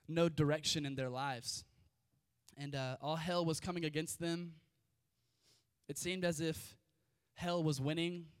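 A man's voice: fairly high pitch, clear, resonant tone, no echo, clean studio sound. A young man preaching a casual sermon, reading scripture with chatty, informal asides. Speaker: youth preacher.

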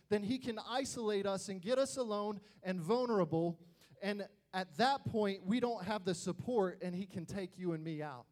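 With a voice that sits high, a young youth pastor addresses young listeners. His preaching is animated, full of personal family stories in which he acts out the voices of the people he quotes.

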